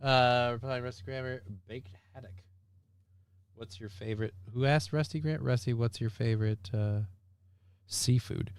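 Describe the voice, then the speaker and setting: A man's voice: medium pitch, moderate pace, clean tone, dry recording. A man hosting a stream, chatting casually with filler words. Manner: relaxed, rambling, filler-heavy. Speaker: streamer host. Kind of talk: casual chat.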